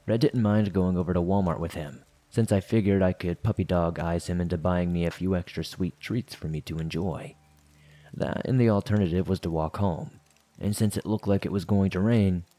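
Deep-voiced male horror narrator. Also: mellow. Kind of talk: scripted first-person horror narration.

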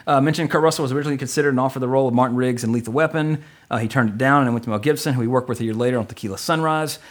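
A man co-hosting a casual movie podcast, rambling through trivia and getting excited and joking as he goes. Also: medium pitch, racing. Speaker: podcast co-host.

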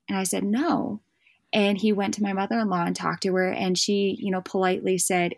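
A young woman talking on a podcast in an easy, casual way, slipping into little voices as she acts out what people said. Her pitch sits in the middle, and the sound is dry and close, with no room around it. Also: moderate pace, gravelly, dry recording. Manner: lively storyteller acting out quoted dialogue. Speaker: podcast guest, bird dog handler and hunting guide. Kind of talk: casual chat.

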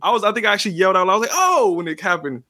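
A man appearing as a guest on a movie podcast, telling excited stories with laughter and swearing. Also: high-pitched, rapid-fire, no echo, studio quality. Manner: excitable, laughing, profane storytelling. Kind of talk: casual movie review chat.

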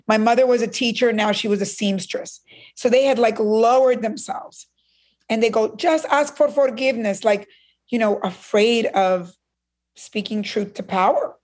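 A woman's voice: a little high, unhurried. A woman from Cuba telling a story as a guest in a conversation, acting out the voices she quotes. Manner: animated, acts out quoted voices.

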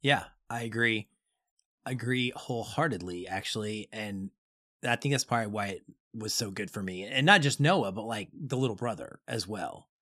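A man's voice: on the low side, normal speed, bright, forceful tone, no room sound, studio quality. A man co-hosting a podcast, chatting casually and enthusiastically about a movie in a rambling way. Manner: enthusiastic, rambling, lots of fillers. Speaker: podcast co-host. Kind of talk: casual movie review chat.

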